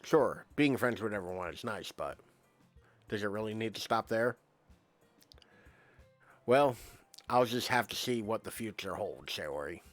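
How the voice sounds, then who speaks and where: A man's voice: on the low side, lively intonation, measured pace, pauses often, no room sound, soft background music. A male streamer on a live game stream, reading out game text and word lists with playful asides.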